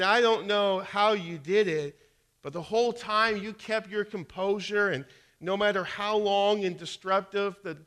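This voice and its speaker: A man's voice: sits high, bright, forceful tone, voice pushed up. A man doing an earnest, gushing woman shopper. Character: impressed middle-aged woman shopper, earnest.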